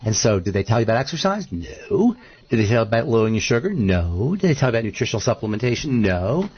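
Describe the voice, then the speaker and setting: Man, podcast host, lively pitch, husky, rhetorical questions, dull lo-fi sound. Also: fast. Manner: animated, storytelling, rhetorical questions. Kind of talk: casual chat. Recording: dull lo-fi recording.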